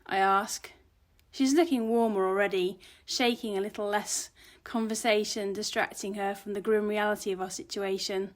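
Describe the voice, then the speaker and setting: A woman narrating her own cozy mystery in the first person, steady and expressive. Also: medium pitch, normal speed, few pauses. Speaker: author reading her own story.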